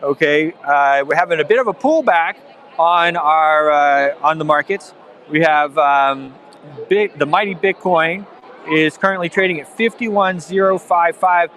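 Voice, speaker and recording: A man's voice: fairly high pitch, measured pace, fairly bright tone. A man hosting a live stream from a conference, talking in a rambling way with many fillers and restarts. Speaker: livestream host. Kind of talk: live event stream commentary. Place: outdoors at a conference venue.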